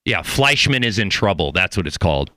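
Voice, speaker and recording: A man's voice: low voice, sing-song, brisk, sharp tone, no room sound, studio quality. Loose-talking, swearing male podcast host. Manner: loose, swearing, rambling with restarts. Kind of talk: casual chat.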